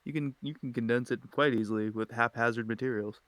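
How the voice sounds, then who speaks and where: A man's voice: mid-range voice, steady tone, fast, fairly bright tone. A man playing a tabletop game, arguing his point with easy confidence. His voice sits mid-range and is recorded dry, with no room echo. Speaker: player. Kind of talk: casual tabletop game chat.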